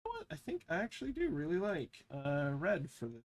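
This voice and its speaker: A man's voice: a little high, wildly swooping pitch, brisk. A man in his thirties, chatting casually while drawing pixel art, rambling and swearing freely. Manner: rambling, swears freely, laughs at own stories. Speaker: pixel artist and vlogger.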